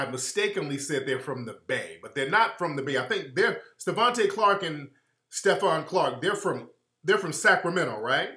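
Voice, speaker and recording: A man's voice: medium pitch, bright, forceful tone, echoey room. A man hosting a live stream, giving heated, preachy commentary and repeating his points for emphasis.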